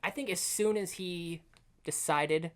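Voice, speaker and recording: A woman co-hosting a podcast in casual chat, retelling scenes with animated quoted voices. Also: lowish voice, a little slow. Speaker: podcast co-host.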